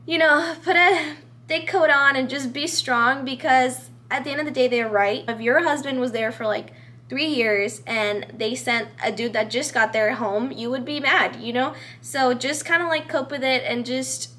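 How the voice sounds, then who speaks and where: A woman's voice: high-pitched, a bit bright, slight background noise. A young woman giving earnest, encouraging advice straight to camera in a casual vlog, filling her talk with "like" and "you know".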